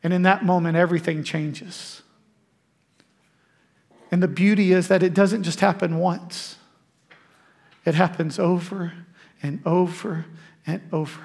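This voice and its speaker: High-voiced man preaching. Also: unhurried, creaky, pauses often. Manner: animated, emphatic preaching with laughing asides. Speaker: pastor. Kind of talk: sermon.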